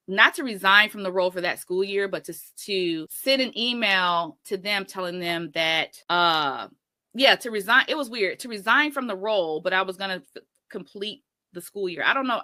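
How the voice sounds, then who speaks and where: A woman's voice: mid-range voice, bright, forceful tone, dry recording. A woman teacher telling her story in a casual interview, rambling and often correcting herself. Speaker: teacher and guest.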